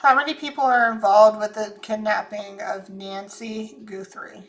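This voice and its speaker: A woman's voice: medium pitch, fairly even intonation, normal speed, soft background music. Chatty Southern woman doing a psychic reading. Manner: chatty, thinks aloud, trailing restarts. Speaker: psychic channeler. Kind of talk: casual psychic reading monologue.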